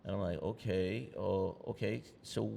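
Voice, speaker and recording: A middle-aged man talks in a low register. He tells loose, streetwise stories and acts out what people said. His voice carries a long reverb. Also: normal speed, darkish tone, slight background noise. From New York. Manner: loose, streetwise storytelling with acted-out quotes. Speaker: panelist, graffiti artist. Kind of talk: anecdotal storytelling on a panel. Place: outdoor panel event. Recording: long reverb in a large space.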